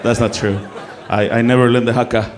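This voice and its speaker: A man with a Mexican accent working a comedy club crowd into a handheld mic. He pokes fun at himself and keeps restarting his sentences. His voice sits at an everyday middle pitch. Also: little pitch movement, brisk, very noisy. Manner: self-mocking, stumbling restarts, laughing at his own jokes. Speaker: stand-up comedian. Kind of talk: stand-up comedy set.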